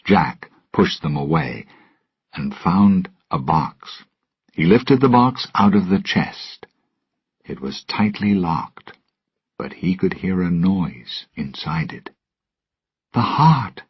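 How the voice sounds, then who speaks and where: A man narrating a storybook with a slow, careful reading manner, recorded dull and lo-fi. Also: deep voice, expressive, breathy edge, no room sound. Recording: dull lo-fi, dry.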